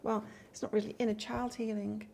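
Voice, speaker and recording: A woman's voice: medium pitch, level tone, brisk, creaky, darkish tone, slight background noise. A woman from England doing a live tarot reading, chatting casually and reading out cards while answering viewer comments. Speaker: tarot reader.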